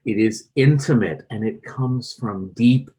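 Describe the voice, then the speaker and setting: A man with a Canadian accent preaching a sermon in a church, gentle and reflective. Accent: Canadian English. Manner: slow, gentle and reflective with wide swings in pitch and loudness. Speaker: pastor.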